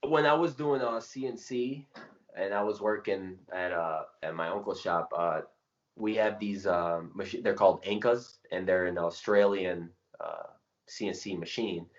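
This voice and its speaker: A man co-hosting a casual podcast, telling rambling, excitable stories among friends. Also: deep voice, normal speed, reverberant. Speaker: podcast co-host. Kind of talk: casual chat. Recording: dull lo-fi sound.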